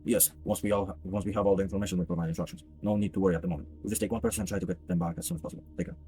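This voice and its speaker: A man putting on a deadpan government agent who keeps his voice low and even. He sounds measured and reassuring, a bureaucrat doing a game's dialogue with quick delivery. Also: lightly acted. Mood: calm official. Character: adult male government agent, calm and bureaucratic.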